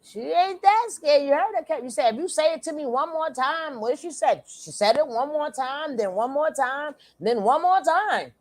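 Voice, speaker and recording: A woman hosting a casual reaction show, her voice sitting a little high. She talks loudly and animatedly, laughing often and circling back over the same phrases. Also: expressive, moderate pace, hardly any pauses. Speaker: reaction channel host.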